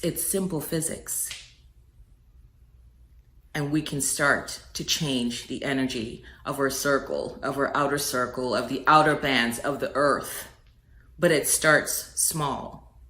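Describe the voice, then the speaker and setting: A woman's voice: a bass voice, slow, pauses often, pushed and bright, reverberant. A middle-aged woman giving an earnest, preacher-like motivational message, swelling on key words. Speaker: inspirational speaker.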